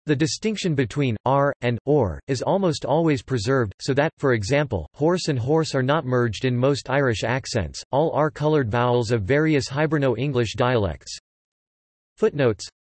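A synthetic male text-to-speech voice reading an encyclopedia article in an even, machine-like way. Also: mid-range voice, no room sound. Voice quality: flat, machine-like delivery with odd pronunciations.

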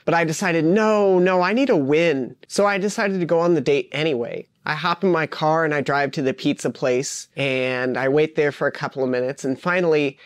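Self-deprecating teacher with a slightly high voice. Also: male voice, fairly quick, few pauses, no echo. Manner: animated, self-deprecating storytelling. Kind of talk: casual anecdote.

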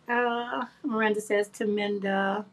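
A woman with a husky, slightly breathy voice hosts a casual craft livestream. She chats warmly with her viewers, reads their comments aloud and laughs often. Her pitch sits in an ordinary middle range. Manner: chatty and affectionate, laughs often.

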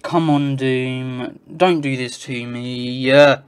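A man's voice: medium pitch, steady tone, takes it slowly, clear, resonant tone. A man giving let's play commentary, muttering to himself and swearing in frustrated rants. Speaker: gamer.

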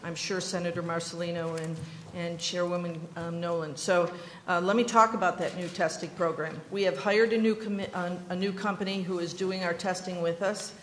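Commissioner type, woman from New York, calm and sure, explaining at a hearing, roomy sound. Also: on the low side, a little hiss or hum. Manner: measured, explanatory, self-assured. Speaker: education commissioner testifying. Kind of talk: formal testimony at a legislative hearing. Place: legislative hearing room. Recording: echoey hearing room.

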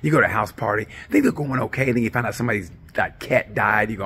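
A man hosting a short comedic movie review, telling the story in an animated way and acting out the voices. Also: on the low side, fast talker, vocal fry, a little hiss or hum.

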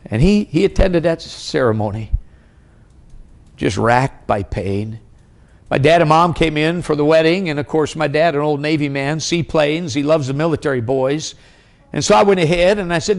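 A middle-aged man preaching a sermon as an evangelist, telling a personal story with wide swings in pitch and loudness. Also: moderate pace, vocal fry.

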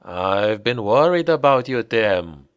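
A man reading the part of a dead father who returns, speaking slowly and gently like a patient old dad. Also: fairly low pitch, expressive, smooth, no room sound, studio quality. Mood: calm. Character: calm, ghostly older father smoking a pipe.

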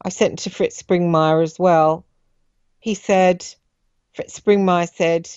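A woman guest on a radio show, recounting a personal experience in a halting way as she searches for words. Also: fairly low pitch, steady tone, darkish tone, smooth, dry recording, dull audio.

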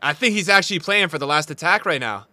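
An excitable young man streams a football game and talks to his chat the whole time. His voice is bright and sits a little high. It leaps from low muttering to loud cries. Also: fast, dry recording. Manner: excitable, swings from mumbled asides to loud outbursts. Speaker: gaming streamer. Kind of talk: live gameplay commentary.

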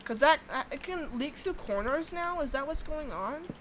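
A woman's voice: high-pitched, lively intonation, moderate pace, fairly bright tone, slight background noise, poor audio. A young woman chatting and exclaiming casually through her own game commentary, swearing now and then when annoyed. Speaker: gaming YouTuber. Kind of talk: casual let's-play commentary.

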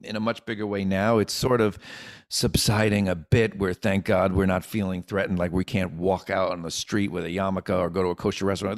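A middle-aged man, a comedian guest, talking in a rambling, joking way full of restarts and asides. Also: lowish voice. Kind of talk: casual interview chat.

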